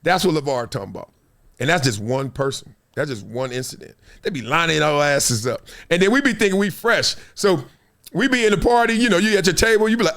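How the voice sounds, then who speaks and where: A man's voice: sits high, a little fast. A man in his fifties hosting his own show, telling loose, slang-heavy stories and acting out the people in them. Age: 50s. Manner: animated, street slang, acts out quoted voices. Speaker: show host. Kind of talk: casual storytelling to camera.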